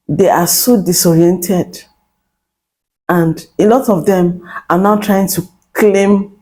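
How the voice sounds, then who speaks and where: A woman's voice: medium pitch, dark tone, rough recording. An emphatic woman hosting an online commentary video. She leans on repetition and lets a mocking edge into her talk. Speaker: commentary channel host. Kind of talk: direct-to-camera commentary.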